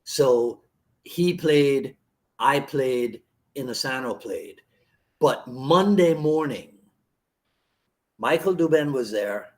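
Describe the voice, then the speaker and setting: A man's voice: mid-range voice, lively intonation, slow, pauses often. A man hosting a podcast, easygoing and telling stories in casual chat. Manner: easygoing, storytelling. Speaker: podcast host.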